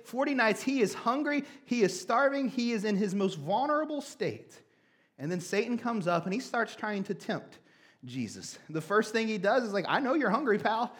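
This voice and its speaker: A young man preaching a sermon as pastor in a casual, joking, conversational way. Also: high-pitched.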